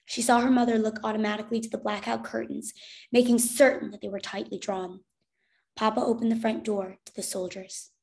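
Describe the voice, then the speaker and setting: A woman reads a children's novel aloud in a fairly high, expressive voice. She narrates clearly and steadily, the way a teacher reads to a class. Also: fairly quick. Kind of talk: storybook read-aloud narration.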